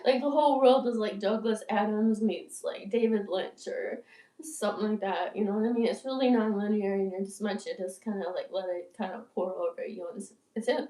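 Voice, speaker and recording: Brief: woman, 60s, croaky and stuffed-up, mellow tone, meandering talk, sits back from the mic in a roomy space. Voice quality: croaky, deeper than usual. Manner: meandering, filler-heavy, swears casually. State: congested, clogged up. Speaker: musician and vlogger. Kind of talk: rambling casual monologue. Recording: roomy echo, distant from mic.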